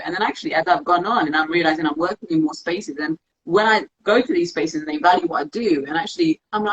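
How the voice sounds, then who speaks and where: Her pitch fairly low, a young woman talks fast with few pauses as an interview guest, candidly and animatedly acting out what she was thinking. She practices dance, the conversation is casual, and the audio is dull and lo-fi.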